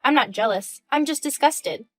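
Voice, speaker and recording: A woman's voice: high voice, normal speed, fairly bright tone, no room sound. A woman in her thirties voicing a composed, indignant wife in a text-message story, firm and questioning. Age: 30s.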